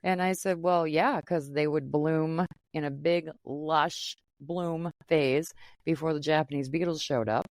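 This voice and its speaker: Low-voiced chatty woman podcast host. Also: fairly even intonation, unhurried, a little mellow, no echo, clean studio sound. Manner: chatty, tells stories with quoted asides. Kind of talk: casual podcast conversation.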